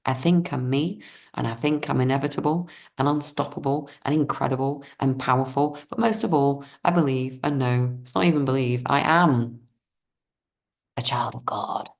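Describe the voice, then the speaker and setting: Deep-voiced woman telling rambling stories. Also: a little fast, vocal fry, a little mellow. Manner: rambling, loses her thread; enthusiastic, effusive. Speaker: spiritual card reader. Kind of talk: casual digressive storytelling.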